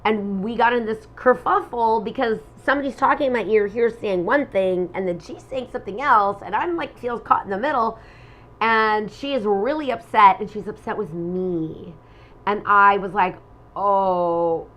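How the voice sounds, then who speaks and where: A middle-aged woman co-hosting a relationship talk show, telling personal stories with animated energy and acting out the lines she quotes. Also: medium pitch, normal speed, low-quality recording. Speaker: relationship podcast co-host. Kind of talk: casual chat.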